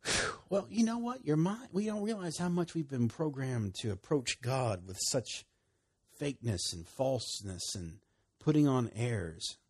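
Middle-aged man, preacher giving testimony, lively sing-song delivery, husky. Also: a little slow. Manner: animated storytelling, voice leaping higher when excited. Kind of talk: sermon testimony.

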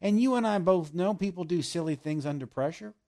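A man preaching a sermon, swinging from loud emphasis down to hushed, almost whispered lines. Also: sits high, lively intonation, brisk.

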